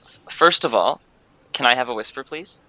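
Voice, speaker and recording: A man's voice: mid-range voice, expressive, normal speed, sharp tone, dry recording. A man playing a tabletop game, casually asking the game master questions with some hesitation. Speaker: player.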